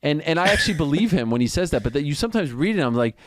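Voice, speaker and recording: Animated male podcast guest, dry close sound. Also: a little high, rapid-fire, no room sound. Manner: animated storyteller who acts out quotes. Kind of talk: casual chat.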